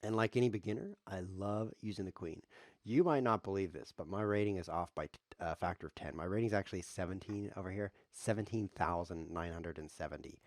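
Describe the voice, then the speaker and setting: A man streaming online chess, talking in a playful, rambling way with deadpan jokes as he plays. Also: low voice, no echo, studio quality. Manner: jokey, rambling deadpan asides. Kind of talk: playful live commentary while playing.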